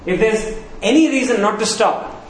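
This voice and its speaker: A man's voice: high voice, expressive, normal speed. A man preaching a sermon, asking rhetorical questions and repeating key words for emphasis. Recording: echoey room, faint background noise.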